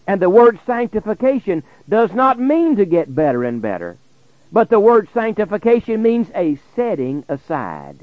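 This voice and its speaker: A man preaches in a slow, deliberate cadence with a high voice that swoops widely between lifts and deep drops at the ends of phrases. The sound is dry and close, with the dull, muffled tone of an old radio broadcast. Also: no echo. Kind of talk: radio Bible sermon.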